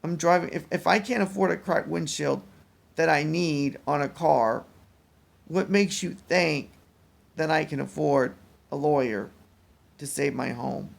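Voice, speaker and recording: A mentally exhausted man talking in a casual personal vlog, weary and rambling, with halting restarts. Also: on the high side, gravelly. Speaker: vlogger.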